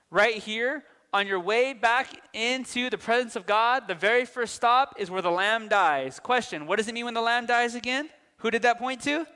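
A young man preaching a sermon, lively, asking the congregation questions and telling anecdotes. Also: high-pitched, clear, resonant tone. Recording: long reverb of a large hall.

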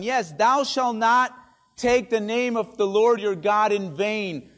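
A man's voice: high-pitched, fairly bright tone. A male pastor whose first language is Spanish, preaching a sermon with dramatic drops to near-whispers for emphasis. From Spanish-speaking country.

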